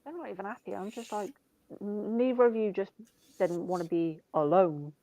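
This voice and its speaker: A woman's voice: medium pitch, moderate pace, dark tone, no echo, rough recording. A young woman in casual chat, telling rambling family stories full of swearing and "I'm like".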